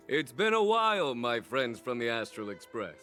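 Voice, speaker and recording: A genial game general. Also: male voice, mid-range voice, big pitch swings, a little slow, bright, forceful tone, soft background music. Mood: courteous. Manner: cordial, chuckles often. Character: friendly male general, warm and courteous. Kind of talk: game voice acting.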